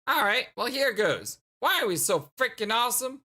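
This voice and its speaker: Man doing a cool teen guy for a game reading: upbeat, eager, lively. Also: very high voice, moderate pace, pitched above the performer's own voice, heavily acted.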